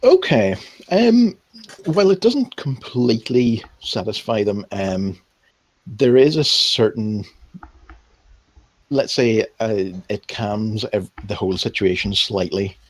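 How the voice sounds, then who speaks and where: A young man runs a tabletop game as game master, feeling his way through each scene with plenty of ums and pauses. His voice sits low and a little husky, and he talks very slowly. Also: expressive. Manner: hesitant, many ums and restarts while describing scenes.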